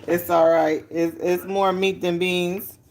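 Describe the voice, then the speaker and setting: A woman's voice: on the low side, level tone, slow pace, darkish tone. Chatty woman hosting a home cooking stream. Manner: chatty, laughs often, talks to viewers. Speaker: cooking show host. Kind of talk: casual live cooking stream. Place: home kitchen. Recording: echoey kitchen, faint noise.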